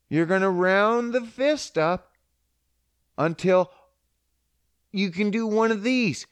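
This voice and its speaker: This man's voice sits high, swinging widely in pitch, and it's clear and resonant with no room sound. He takes it slowly and pauses often while delivering a crude, rambling, joking monologue on fitness and diet, voicing both sides of conversations in quotes.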